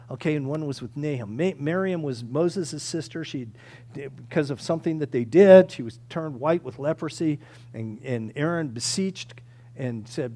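Male preacher, fairly high voice, emphatic delivery that swings between loud pleas and hushed lines. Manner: earnest, emphatic, acts out quoted pleas. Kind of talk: sermon.

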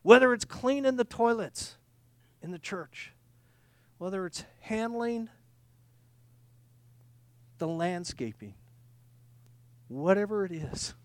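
A male pastor preaching a sermon, earnest, swinging from loud emphatic lines to quiet confiding ones, often repeating words and restarting sentences. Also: sits high, animated, slow pace, pauses often, no echo.

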